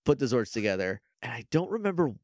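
A man co-hosting a podcast, chatting casually about a show, laughing often and mimicking characters in quick asides. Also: mid-range voice, big pitch swings, a little mellow, no room sound, studio quality. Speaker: podcast co-host. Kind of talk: casual chat recapping a show.

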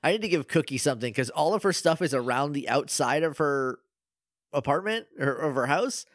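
A man co-hosting a podcast in casual chat, animated and laughing as he tells game stories. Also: fairly high pitch, brisk, dry recording, studio quality. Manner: animated, laughing, quotes game characters in little voices. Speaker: podcast co-host.

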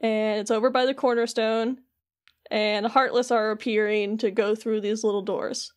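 A woman's voice: a little high, little pitch movement, moderate pace, clear, resonant tone. A woman co-hosting a podcast, chattily recapping a video game with lots of fillers. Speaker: podcast co-host.

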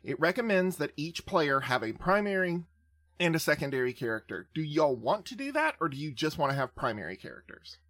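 A man as game master, explaining the rules deliberately with many fillers. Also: on the high side, big pitch swings, a bit bright, no room sound.

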